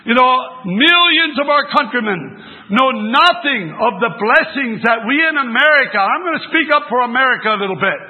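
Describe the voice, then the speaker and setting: High-voiced older man preaching, tinny. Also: lively intonation, moderate pace. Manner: folksy, rambling storytelling with restarts. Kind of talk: sermon. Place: religious meeting. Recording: tinny phone-like sermon recording.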